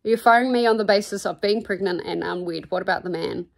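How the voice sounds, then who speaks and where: A woman with a New Zealand accent reading the lines of a strong-willed young woman scientist, calm and defiant. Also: mid-range voice, a little fast, creaky, lightly acted.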